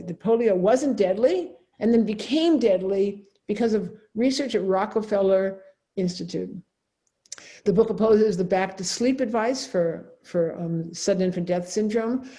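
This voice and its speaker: Woman professor, middle-aged, mellow tone, conversational seminar lecture, tags points with "right?". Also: medium pitch. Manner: conversational, often adds a questioning "right?". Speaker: professor of religion and ethics.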